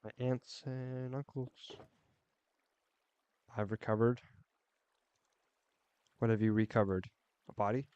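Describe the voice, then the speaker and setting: A man's voice: medium pitch, steady tone, takes it slowly, long pauses, darkish tone, no echo, highs cut off. A man streaming a game, chatting casually in a rambling, goofy, jokey way. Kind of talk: casual live-stream chat while playing.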